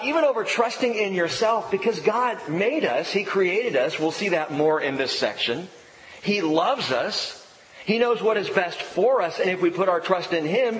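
A man's voice: high-pitched, slight background noise. A middle-aged man preaching a sermon as pastor, emphatic and repeating key phrases. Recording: echoey hall with faint ambience.

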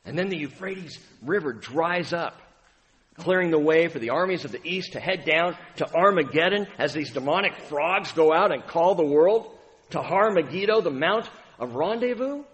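A man preaches from the pulpit in a fairly high voice. His delivery is dramatic, building to booming peaks and then sinking almost to a whisper. The sound carries the long reverb of a big church hall. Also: lively intonation, moderate pace, dull audio. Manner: dramatic, swings from booming to hushed. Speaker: pastor. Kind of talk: sermon.

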